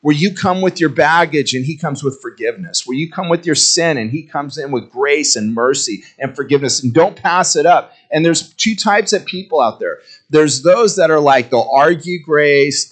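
A middle-aged pastor delivers a sermon in an easygoing, conversational way. He tells personal stories, and his pitch swings up and down as he talks.

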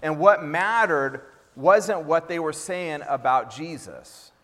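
A man's voice: on the high side, expressive, slow, fairly bright tone. A man pastor preaching a sermon, emphatic and repetitive, often acting out what others say. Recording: reverberant hall.

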